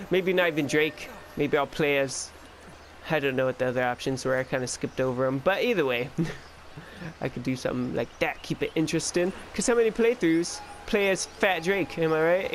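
Young guy rambling and laughing over a game, voice a bit high, faint hiss behind. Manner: joking, giggly, talks to the game character. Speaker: gaming YouTuber. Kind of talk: casual let's play commentary.

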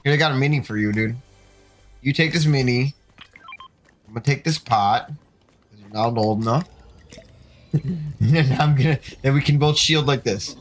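A man's voice: medium pitch, normal speed, long pauses, a little hiss or hum. A man streaming a game from home with his young son, in laid-back, casual chatter full of "dude". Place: home gaming setup.

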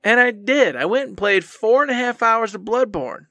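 Bright-voiced man ranting at himself. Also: very high-pitched, expressive, normal speed, gravelly, dry recording. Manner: mock-angry self-scolding rant. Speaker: podcast co-host. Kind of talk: casual podcast chat.

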